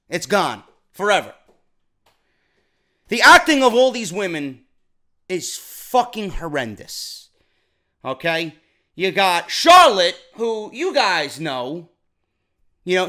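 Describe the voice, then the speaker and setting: This is a ranting solo show review: a man bluntly tears apart a wrestling broadcast, swearing and getting exasperated, often repeating words as he stumbles. His voice is high for a man, with a bright, sharp edge.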